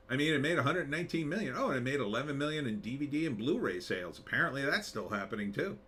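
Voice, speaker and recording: A man's voice: medium pitch, lively intonation, fast, fairly bright tone, slight background noise. A man hosting a live commentary show, talking in a sarcastic, rambling way with wry asides. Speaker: show host.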